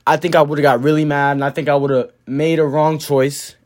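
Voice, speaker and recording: A man's voice: fairly high pitch, flat delivery, fairly quick. A young man casually telling a story to the camera, loose and profane, full of slang and fillers.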